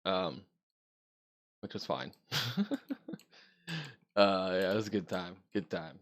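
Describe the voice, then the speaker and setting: A man's voice: low voice, slow. A man co-hosting a casual podcast, easygoing and rambling with lots of fillers. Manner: easygoing, rambling with many fillers, soft laughs. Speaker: podcast co-host. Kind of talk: casual chat.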